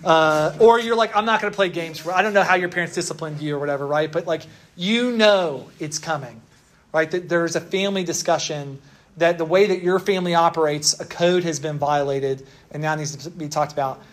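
A man's voice: a little high, fairly quick. A young man giving a sermon to a room, talking casually and asking the listeners rhetorical questions. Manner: conversational, asks the audience rhetorical questions. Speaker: pastor. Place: room with an audience.

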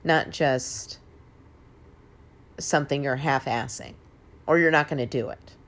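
Her voice is very deep, unhurried and slightly bright. She's a host in her forties delivering a casual, emphatic motivational monologue, laughing easily and cursing from time to time.

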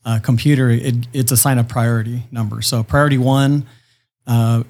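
Measured, explanatory police officer guest. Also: male voice, mid-range voice, fairly even intonation, darkish tone. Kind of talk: interview answers.

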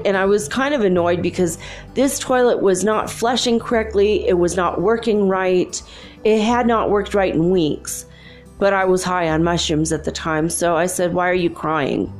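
A woman telling a comic story in a deadpan, rambling way, breaking into laughs. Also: medium pitch. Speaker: comedic storyteller. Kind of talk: comic monologue.

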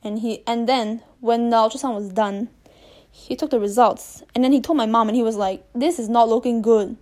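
A woman's voice: a little high, fairly even intonation, normal speed, darkish tone. A young woman from Malaysia telling a personal story in a candid, rambling way, swearing freely, with audible breathing on a close mic. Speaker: vlogger. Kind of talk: casual storytelling monologue.

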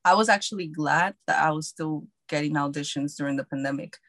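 A woman's voice: deep voice, brisk, a bit bright, no room sound. A woman who works as an actor chatting casually, loose and repetitive with many fillers. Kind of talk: casual chat.

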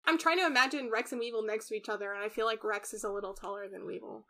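A woman with a fairly high, bright, crisp voice, chatting as a podcast co-host. She talks casually and chattily, tossing in quick asides about the episode. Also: steady tone. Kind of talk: casual chat.

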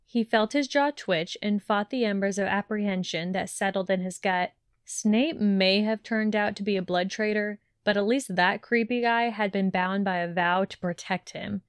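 A woman reading a fan fiction audiobook in a measured storytelling voice. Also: medium pitch, clean tone, no room sound, clean studio sound. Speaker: audiobook reader.

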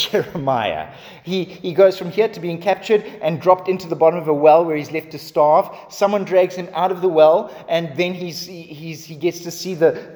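A man's voice: high voice, darkish tone, big-room sound. A male pastor preaching a sermon in a building, repetitive cadence, ending in prayer.

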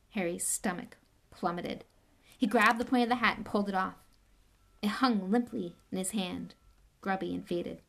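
A woman reading a novel aloud with expressive, measured storytelling. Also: mid-range voice, vocal fry. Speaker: reader.

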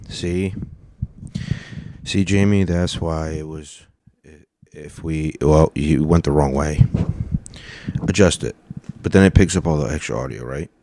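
Deep, dark-voiced man ranting on a podcast. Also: slight background noise. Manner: rambling, profane, swings into loud rants. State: tired. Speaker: podcast host. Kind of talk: casual solo podcast chat. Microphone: studio mic on a stand.

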